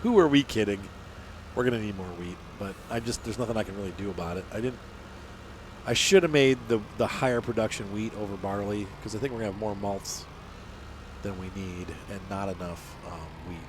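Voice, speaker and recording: Man, lowish voice, relaxed let's-play host who rambles and banters. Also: a little fast, a little hiss or hum. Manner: chatty, rambling, teasing banter. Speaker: gaming channel host. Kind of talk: casual let's-play commentary.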